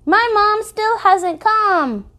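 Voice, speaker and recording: A woman voicing a frightened little girl who clings and pleads in a high, slow, whiny voice. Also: expressive, pushed and bright, exaggerated voice. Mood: pleading.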